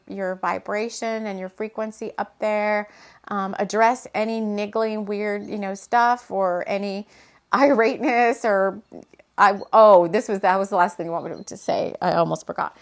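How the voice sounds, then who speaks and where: A woman hosting a spiritual reading channel, talking loosely and earnestly as she passes on what her guides tell her. Her voice sits at an ordinary middle pitch, and her delivery is unscripted and meandering, full of restarts and asides. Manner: rambling and earnest, relaying messages from her guides. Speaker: spiritual reader and channel host. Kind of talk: casual spiritual channeling talk.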